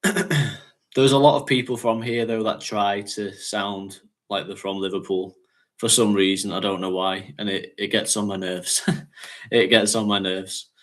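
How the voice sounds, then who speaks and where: A man's voice: fairly low pitch, steady tone, measured pace, fairly bright tone. A man from North West England, hosting a casual livestream chat and rambling, chatting and laughing often. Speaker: fragrance channel host.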